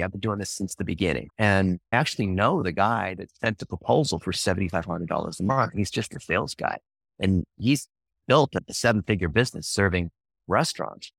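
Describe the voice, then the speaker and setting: A man speaking as a podcast guest, telling marketing stories in an animated, emphatic way. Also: low-pitched, fairly quick, vocal fry, husky, dry recording. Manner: animated, emphatic, jumps into acted quotes. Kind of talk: casual interview storytelling.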